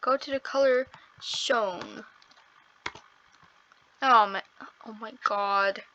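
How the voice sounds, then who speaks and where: A woman's voice: fairly high pitch, extremely slow, bright, forceful tone, highs cut off, slight background noise. A woman giving casual gameplay commentary on her first video, nervous and apologetic, exclaiming often. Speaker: first-time gaming video creator.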